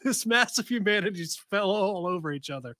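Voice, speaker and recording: A man co-hosting a radio show, telling an animated story in casual banter and laughing as he talks. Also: high-pitched, fairly quick. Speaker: radio co-host.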